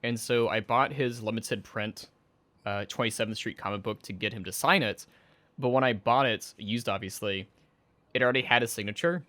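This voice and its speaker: Low-voiced, chatty young man cohosting a podcast. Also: pushed and bright. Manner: chatty, rambling, with quick acted-out asides. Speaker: podcast co-host. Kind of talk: casual chat.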